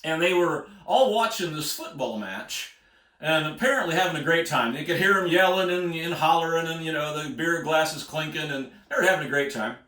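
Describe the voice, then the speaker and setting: A man's voice: fairly high pitch, animated, normal speed, pushed and bright. An American man, a singer-songwriter, telling a rambling road story in a folksy way, chuckling often. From United States. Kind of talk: casual spoken storytelling. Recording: echoey room.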